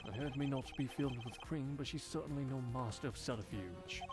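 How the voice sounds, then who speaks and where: A man's voice: mid-range voice, brisk, darkish tone, faint music behind, close to an everyday voice. A man voicing a stern, formal prosecutor with a sardonic edge in a fan game dub. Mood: cool sardonic. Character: haughty stern male prosecutor.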